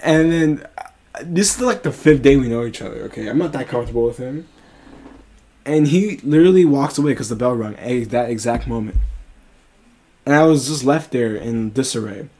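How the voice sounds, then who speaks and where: A young man co-hosts a casual podcast chat and tells a long story with animated, profane energy. His voice sits at an ordinary middle pitch. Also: moderate pace. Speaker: podcast co-host.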